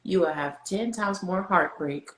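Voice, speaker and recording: A woman's voice: fairly low pitch, unhurried, echoey room, poor audio. A woman guest on a podcast, talking casually and emphatically about her faith, telling stories with lots of slang. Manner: animated, emphatic storytelling with slang.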